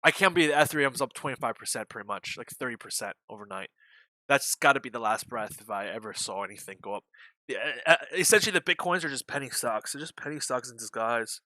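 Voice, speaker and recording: A man's voice: mid-range voice, animated, fast, pushed and bright, no room sound. A man hosting a live day-trading stream, chatting casually and rambling with frequent restarts and the odd swear. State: hiccuping. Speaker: day trading livestream host. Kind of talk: casual market chat.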